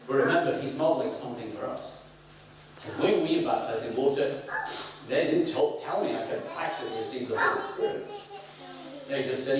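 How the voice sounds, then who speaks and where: A middle-aged man from the north of England with a Northern English accent, preaching an animated, playful sermon to a congregation. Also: mid-range voice, moderate pace, background noise. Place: church hall. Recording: very echoey hall, picked up from a distance.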